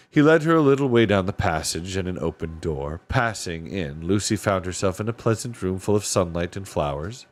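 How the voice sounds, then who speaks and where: A man reading a children's novel aloud as narrator, with expressive delivery. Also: deep voice, moderate pace, hardly any pauses. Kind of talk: audiobook reading.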